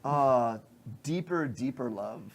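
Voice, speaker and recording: A man's voice: mid-range voice, lively intonation, slow pace, vocal fry. Rambling man running a tabletop game. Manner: rambling, with many fillers and restarts. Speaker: game master.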